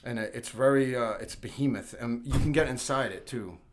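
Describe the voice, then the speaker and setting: A man from New York City chats as a guest on a casual podcast. He rambles through his stories with many restarts and breaks into laughter as he acts out what people said, in an ordinary mid-pitched voice. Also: fairly quick. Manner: rambling storyteller, full of restarts, laughing when acting out quotes. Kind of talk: casual chat.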